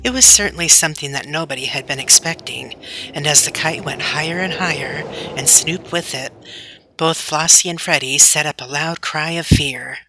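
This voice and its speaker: A woman narrating a classic children's book aloud in a steady storytelling manner. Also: deep voice, normal speed, a little hiss or hum, low-quality recording. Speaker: audiobook narrator.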